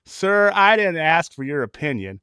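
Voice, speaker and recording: A woman's voice: deep voice, sing-song, normal speed, fairly bright tone, clear, resonant tone, no echo, studio quality, voice pushed up. A man putting on a stern, scratchy drive-thru worker woman. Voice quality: scratchy, curt.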